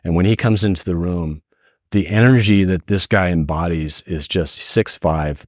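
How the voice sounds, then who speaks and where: A middle-aged man from San Francisco, a podcast guest, telling a personal story in an earnest, animated way. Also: low voice, moderate pace, no room sound. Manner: earnest, animated retelling with acted quotes. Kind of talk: emotional storytelling. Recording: dull lo-fi dry podcast audio.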